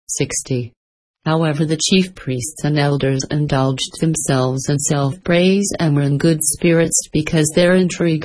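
Low-pitched female reader, steady scripture narration with verse numbers. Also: poor audio. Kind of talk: scripted reading of a religious text with verse numbers.

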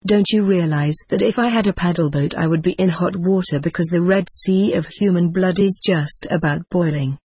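A reader voicing a grumpy, disdainful old male author who gives curt, scornful refusals in a husky voice. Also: medium pitch, moderate pace, few pauses, a little mellow, no echo, studio quality. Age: older.

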